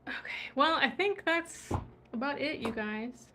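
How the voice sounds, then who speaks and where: A woman from the USA chats on a livestream and reads viewer comments, laughing often and trailing off into murmurs. Her voice is bright and sits a little high, and she takes her time between phrases. She sounds tired from travel. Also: lively intonation, measured pace, a little hiss or hum. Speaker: livestream host. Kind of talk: casual chat reading viewer comments. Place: indoors in Morocco.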